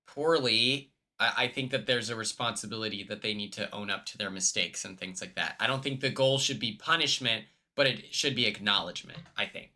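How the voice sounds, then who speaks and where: A man's voice: medium pitch, sharp tone. A man streamer reacting to a clip in casual chat, hesitant and repeating words as he thinks aloud.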